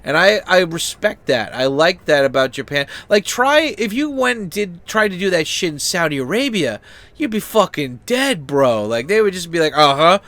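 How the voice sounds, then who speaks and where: A man's voice: high-pitched, sing-song, normal speed, a bit bright. A man hosting a channel, talking in a loose, rambling way with lots of fillers, restarts and swearing. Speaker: channel host. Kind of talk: casual opinion chat.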